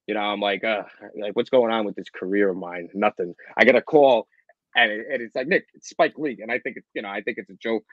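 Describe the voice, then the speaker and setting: A man's voice: lowish voice, fairly even intonation, quick pace, dry recording, muffled recording. A young man, a comedian, telling stories in a casual interview with frequent laughs. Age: young adult. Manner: chatty storyteller, laughs often, slips into impressions. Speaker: guest, comedian and impressionist.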